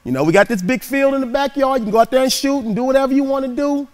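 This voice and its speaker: A man's voice: very high voice, rapid-fire, voice pushed up. A man voicing a firm father giving his son instructions. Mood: instructive.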